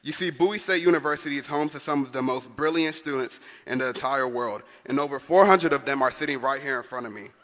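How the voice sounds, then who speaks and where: Speaking fast with hardly any pauses, a young senior class president gives a rousing commencement address and urges the audience to respond. His mid-range voice is a bit bright, and the long echo of the large arena carries through the recording.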